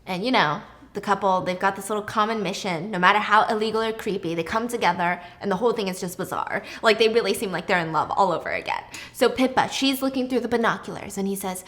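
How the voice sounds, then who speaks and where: A woman hosting a casual movie recap, chatty and animated, swearing freely as she tells it. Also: mid-range voice, quick pace, few pauses. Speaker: host.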